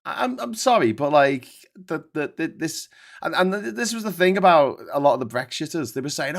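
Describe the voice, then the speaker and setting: A man's voice: a little high, normal speed, creaky. Sweary ranting British man. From Britain. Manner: sweary, animated, stumbling restarts. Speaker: host reading viewer comments. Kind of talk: live commentary rant.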